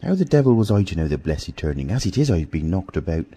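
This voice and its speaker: A man's voice: low-pitched, very animated, fast, mellow, breathy edge, heavily acted. A man voicing a cowardly middle-aged tramp who pleads and complains in a self-pitying way in an audiobook. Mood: whining. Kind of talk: audiobook character voice.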